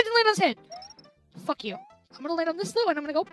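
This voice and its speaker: A tipsy young woman with an extremely high, bouncing voice that leaps all over the place, shouting and cursing at a video game. Her commentary is loud and foul-mouthed. Faint game music plays softly behind her. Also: expressive, very fast, poor audio. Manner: loud, swearing, yelling at the game. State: tipsy from drinking. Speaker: gamer playing and commenting. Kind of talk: let's play commentary while drinking.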